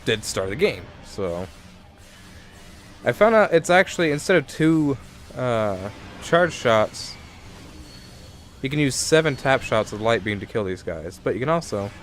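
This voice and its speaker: A man's voice: mid-range voice, very animated, a little slow, pauses often, soft background music. A young man giving casual let's play commentary into a desk microphone, rambling and correcting himself as he thinks aloud.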